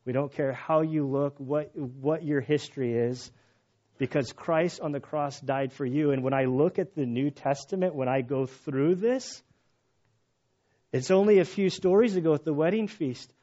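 A middle-aged man preaching a sermon as pastor, earnest and halting, often restarting his phrases. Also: a little high, warm tone. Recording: dull lo-fi sound.

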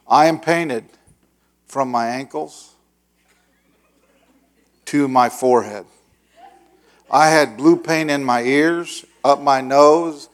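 A middle-aged male pastor telling a long story in a sermon, acting out the voices and shouting the dramatic parts. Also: medium pitch, takes it slowly, pauses often. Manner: animated, acts out voices with loud shouts.

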